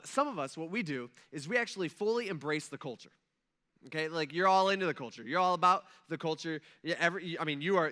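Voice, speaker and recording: A male pastor preaching a conversational sermon in a church, animated and checking in with the congregation with "okay?" and "right?". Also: a little high. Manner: animated, acts out quoted voices, frequent "okay?" and "right?". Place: church sanctuary.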